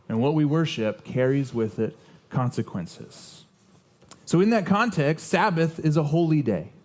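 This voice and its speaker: A young pastor's mid-range, somewhat dark voice fills a church sanctuary as he preaches. His sermon is earnest and conversational, built on personal stories and marked by many restarts.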